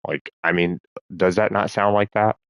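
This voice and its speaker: A man with a very low voice rambling through a profane vlog monologue. He talks as if to himself, circling back on his thoughts. The recording is close and dry. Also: steady tone, moderate pace, a bit bright, clear, resonant tone, no room sound. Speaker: vlogger.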